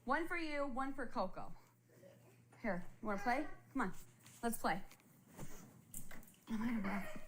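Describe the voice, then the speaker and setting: Mother coaxing a toddler, fairly high voice. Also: a little slow, long pauses. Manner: coaxing, patient, talks in short simple phrases. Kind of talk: casual home video talking to a toddler. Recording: roomy home with steady background noise.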